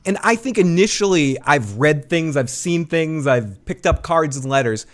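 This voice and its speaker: A man with a Boston accent hosting a live show commentary, animated and quick to swear. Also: a little high. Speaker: podcast host.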